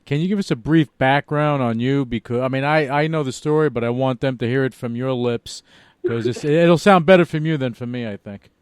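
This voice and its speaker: A male radio host leads a relaxed interview, joking and teasing his guest along. His voice comes through smooth and resonant, recorded dry and close with no room sound. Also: medium pitch, a little fast, no room sound.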